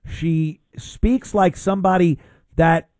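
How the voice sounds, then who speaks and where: A man's voice: sits high, steady tone, takes it slowly, a little mellow, no echo, clean studio sound. A man hosting a call-in radio show, chatting and teasing callers in a joking way. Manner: teasing, joking, puts on silly voices. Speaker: radio talk show host.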